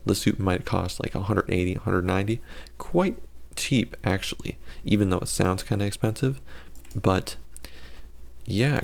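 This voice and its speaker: A man's voice: lowish voice, creaky, a little mellow. A man giving casual gameplay commentary and telling a story, rambling and correcting himself with sarcastic asides.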